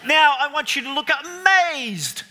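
A man's voice: extremely high pitch, big pitch swings, measured pace, sharp tone. A man giving an all-age Easter sermon, playfully coaching volunteers through a re-enactment with running stage directions. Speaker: pastor. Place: church. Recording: reverberant church hall.

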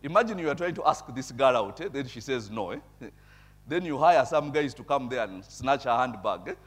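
A man preaching a sermon, reading scripture and explaining it in a conversational way, checking in with listeners and chuckling at his own points, with loud emphatic bursts. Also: medium pitch, animated, a little fast, breathy edge. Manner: conversational, tags remarks with "eh?". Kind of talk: sermon with bible reading and commentary.

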